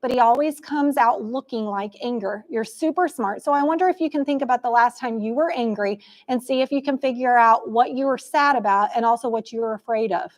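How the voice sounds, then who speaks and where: A woman's voice: a little high, a little fast, hardly any pauses. A middle-aged woman therapist giving a presentation, animatedly retelling a session with a child and speaking straight to the audience.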